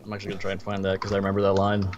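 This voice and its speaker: A man co-hosting a casual movie review podcast, recounting scenes in an animated, storytelling way. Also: sits low, rapid-fire, lo-fi sound, background noise. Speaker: podcast co-host.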